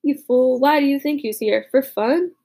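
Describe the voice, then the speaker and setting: A woman voicing a rough, blunt teenage boy soldier, once a bully, in an audiobook. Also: high voice, moderate pace, dark tone. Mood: gruff.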